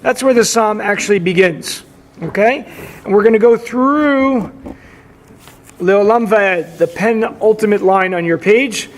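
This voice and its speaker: In a synagogue classroom, a man leads an adult prayer study session, talking in a relaxed, chatty way with plenty of fillers. His voice is high-pitched and his pace moderate.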